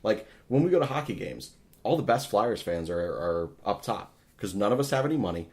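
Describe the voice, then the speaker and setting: A man's voice: lowish voice, big pitch swings, a little fast, darkish tone. A man hosting a podcast, ranting in a profane, exasperated way in casual talk. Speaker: podcast host.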